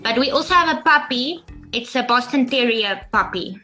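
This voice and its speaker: A woman's voice: a little high, animated, normal speed, pushed and bright, faint music behind, low-quality recording. A woman on a video call, a comedian chatting in a self-deprecating, jokey way. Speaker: guest, comedian. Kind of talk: casual video-call chat.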